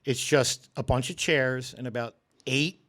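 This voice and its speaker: On a podcast, a man appearing as a guest comedian spins animated stories, cursing freely and performing the voices of the characters involved. He speaks at a medium pitch and a little slowly.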